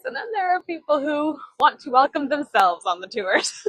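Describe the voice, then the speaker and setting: A high-voiced woman from Chicago guides a live-streamed walking tour outdoors. She chats and giggles and drifts into storytelling asides. Her voice comes through a phone mic with dry, close sound. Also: big pitch swings, moderate pace, a bit bright, no echo, rough recording. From Chicago, USA. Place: outdoors on city streets.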